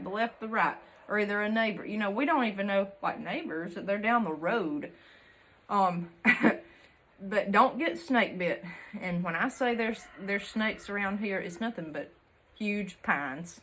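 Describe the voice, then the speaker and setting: Speaking in a mid-range, slightly bright voice, this young Alabama woman shares stories from her country childhood with viewers in casual talk to camera. She's a homesteading vlogger with a Southern accent. Her style is folksy and chatty, full of country sayings and laughter.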